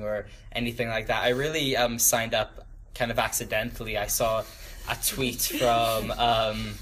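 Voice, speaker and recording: A man's voice: mid-range voice, steady tone, moderate pace, few pauses, a bit bright. Young man rambling through a talk. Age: 20s. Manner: rambling, many ums and restarts, laughs at his own stories. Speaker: youth group speaker. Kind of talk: casual talk to a small group. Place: church room with a small group.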